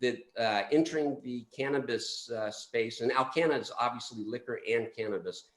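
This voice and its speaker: Guest analyst, male, mid-pitched, halting thoughtful delivery, recorded in a roomy space. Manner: thoughtful, hesitant, many restarts. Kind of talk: casual market commentary.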